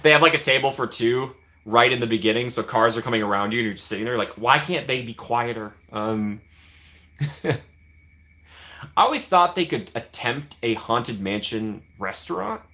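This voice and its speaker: A man's voice: medium pitch, expressive, normal speed, pushed and bright. A man hosting a casual live stream, chatting with viewers by name and laughing often.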